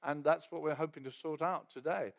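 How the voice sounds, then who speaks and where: A man preaching a sermon in a conversational storytelling way, often dropping to a soft aside and acting out quoted voices. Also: fairly high pitch, fairly even intonation, fairly quick, vocal fry.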